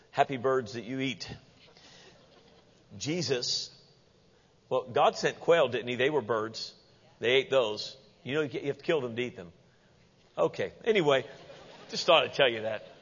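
A man preaching a sermon as pastor, animated and playful, acting out the voices of the people he quotes. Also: mid-range voice. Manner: animated, acts out quoted voices with humorous asides. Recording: dull lo-fi sound with long hall reverb.

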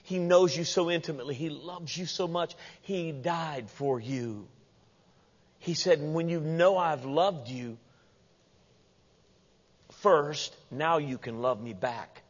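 A man preaching a sermon as pastor, animated and playful, acting out the voices of the people he quotes. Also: a little high, slow, pauses often. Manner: animated, acts out quoted voices with humorous asides. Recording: dull lo-fi sound with long hall reverb.

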